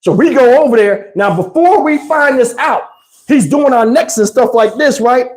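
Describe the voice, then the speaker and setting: A man with an extremely high voice hosts a relaxed storytime at a moderate pace. He plays out the quotes with animation and laughs partway through, all on poor-quality audio.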